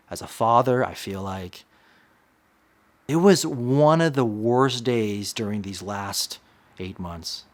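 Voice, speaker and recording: A man in his thirties, a pastor, telling a personal confession in an earnest, halting way, often repeating words as he searches for them. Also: fairly low pitch.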